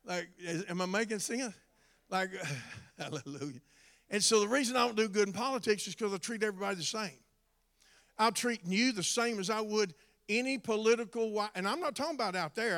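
Male preacher, high and bright-edged, testimony and shouted exhortation. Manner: builds from conversational storytelling to shouted exhortation. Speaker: former drug addict giving testimony. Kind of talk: sermon.

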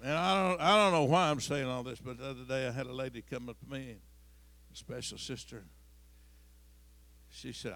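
A man preaching a sermon as pastor, moving between quiet storytelling and loud, climbing declarations. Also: medium pitch, moderate pace, vocal fry, pauses often. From Missouri. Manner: swings from soft storytelling to loud, rising preaching.

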